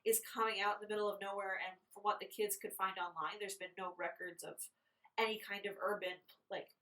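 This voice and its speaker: A woman's voice: mid-range voice, level tone, fairly quick, a bit bright, distant mic, poor audio. A woman co-hosting a podcast, chatting casually about a book and correcting plot details. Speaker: podcast co-host. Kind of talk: casual book recap chat.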